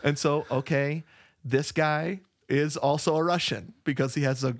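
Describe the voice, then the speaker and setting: A man's voice: a little high, fairly even intonation, moderate pace. A man co-hosting a podcast in casual chat, chatty and jokey, explaining his theories at length. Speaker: podcast co-host.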